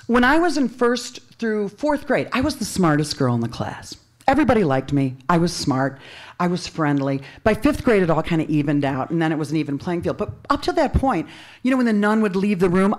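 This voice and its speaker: A woman in her fifties telling a self-mocking comic story live on stage, in a conversational way. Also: mid-range voice.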